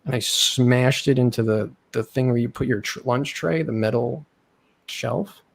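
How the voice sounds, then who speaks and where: A man's voice: medium pitch, unhurried, vocal fry. A young man casually telling stories among friends, acting out the people he quotes. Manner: animated, acts out quoted people with raised voice. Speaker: host. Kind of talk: casual storytelling chat.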